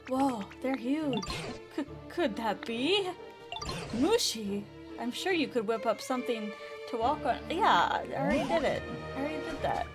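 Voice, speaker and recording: A woman streaming a video game with casual, excitable commentary, often gasping and laughing. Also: on the high side, moderate pace. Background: game music.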